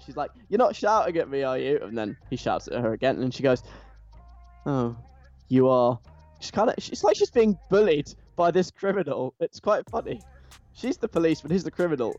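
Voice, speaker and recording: A man's voice: mid-range voice, lively intonation, fast, a little mellow, dull audio. Chatty radio host, a man. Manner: chatty, enthusiastic. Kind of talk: casual radio chat. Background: faint music.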